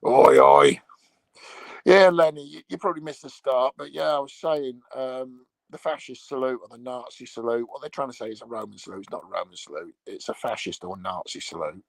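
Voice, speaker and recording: A middle-aged English man lies on a bed at home, livestreaming and chatting crudely to viewers as he rambles, swears and meanders. His mid-range voice is steady and fairly quick, with vocal fry, few pauses and no echo.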